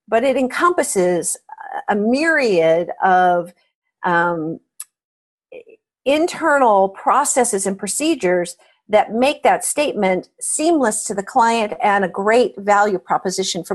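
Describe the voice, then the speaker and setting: A woman's voice: medium pitch, expressive, slow. A middle-aged woman answering interview questions about accounting advice, emphatic and telling stories with animation. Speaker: accounting advisory expert guest.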